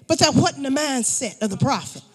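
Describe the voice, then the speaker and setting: High-pitched male preacher, repetitive and rousing, recorded in a reverberant hall. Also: animated, moderate pace. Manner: repetitive call-and-response preaching, rising to shouts. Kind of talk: sermon.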